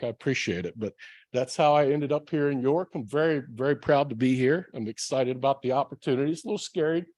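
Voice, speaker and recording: With a mid-range, slightly mellow voice and no room sound, a male baseball manager in his forties addresses a club audience. The personal speech is earnest and plain-spoken, with many ums.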